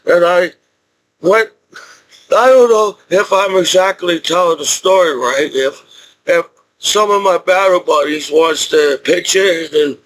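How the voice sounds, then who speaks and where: A man's voice: high-pitched, a bit bright, poor audio. A middle-aged man telling rambling personal stories in a casual monologue, chuckling often and repeating himself. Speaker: military veteran vlogger.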